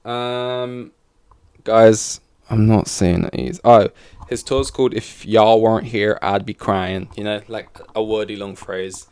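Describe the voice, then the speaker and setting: Male podcast host, solo, loose and chatty, trips over himself, sits a bit low. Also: steady tone, slow pace, a little mellow, clean tone. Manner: rambling, self-correcting, swears casually. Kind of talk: casual solo chat. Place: in front of a camera.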